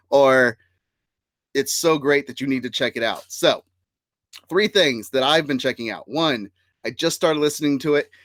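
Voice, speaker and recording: A man's voice: fairly high pitch, a bit bright, no echo. A man hosting a casual live-streamed nerd podcast, upbeat and chatty, laughing often and using fillers. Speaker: podcast host.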